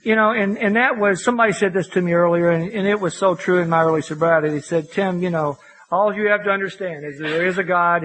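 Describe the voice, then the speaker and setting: A man's voice: a little high, fairly bright tone, poor audio. An older man from Louisville, Kentucky, speaking at a recovery meeting, telling his story in a folksy, self-mocking way with frequent "you know"s.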